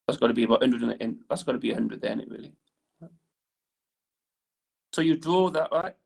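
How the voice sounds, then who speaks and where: A male teacher talks his class through a drawing exercise on the board, with a gravelly, creaky voice at a middling pitch. He keeps asking "right?" as he draws and explains. He sometimes turns away from the mic. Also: animated, fairly quick, pauses often, darkish tone. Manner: talks while drawing on the board, lots of "right?" tag questions. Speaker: engineering teacher. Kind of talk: classroom lesson.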